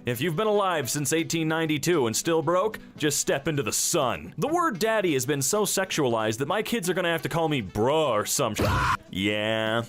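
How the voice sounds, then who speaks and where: A young man does comedic readings of internet posts, his voice bouncing around in pitch with sarcastic asides. A faint music bed sits underneath. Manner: sarcastic, animated, quick asides. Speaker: comedy commentator.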